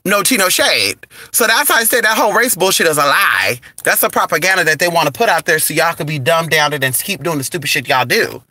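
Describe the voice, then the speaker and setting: Man, sassy, campy, swooping delivery, bright tone. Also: on the high side, no echo. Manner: sassy, campy, drawn-out and expressive. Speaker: channel host reading live chat. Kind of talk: casual livestream chat.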